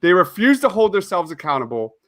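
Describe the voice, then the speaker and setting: A man's voice: high voice, sing-song, fairly quick, fairly bright tone, a little hiss or hum. A man co-hosting a sports podcast, ranting in an exasperated, emphatic way. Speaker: podcast co-host. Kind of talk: opinionated sports podcast rant.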